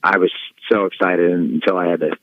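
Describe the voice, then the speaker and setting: A low-voiced man tells a story as an interview guest, casual and animated. The sound is dull and bone dry, with no room at all. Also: brisk, no room sound. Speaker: guest wrestler.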